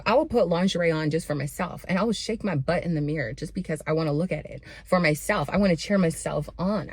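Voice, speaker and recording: A young woman talks straight to her viewers in a blunt, sassy motivational pep talk and calls them honey and babe. Her voice sits a little low. The sound is dry and close, with no room echo. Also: a little mellow, slightly rough. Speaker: self-improvement vlogger.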